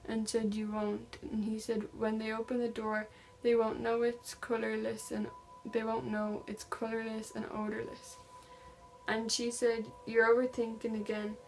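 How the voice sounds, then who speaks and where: A woman's voice: a little high, completely flat delivery, unhurried, soft background music, low-quality recording. A young woman vlogger casually retelling a true-crime story, reading text messages aloud with lots of "like" fillers.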